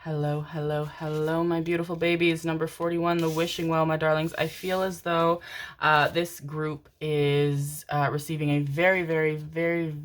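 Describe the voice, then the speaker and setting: Low-pitched young woman, tarot reader, warm endearments, effusive and repetitive. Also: flat delivery, moderate pace. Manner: affectionate, calls listeners "my darlings"; gushing, stacks repeated words. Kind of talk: casual tarot reading to camera.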